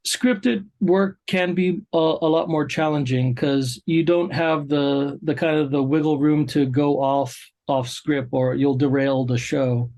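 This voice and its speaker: A man interviewing a performer, encouraging and halting, with many fillers. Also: fairly high pitch, steady tone, a little mellow. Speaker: interviewer, creative director. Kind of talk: casual interview.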